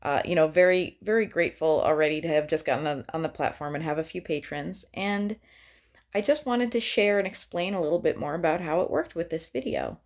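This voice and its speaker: A woman songwriter with a slightly low-pitched voice talks to her viewers in a loose, chatty vlog. She sounds enthusiastic and often pauses on fillers. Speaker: singer-songwriter.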